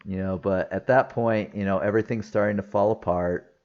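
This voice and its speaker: A man's voice: fairly low pitch, steady tone, brisk, darkish tone, highs cut off. A man talking casually through a film review, rambling and enthusiastic, with lots of fillers and laughs. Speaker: movie reviewer.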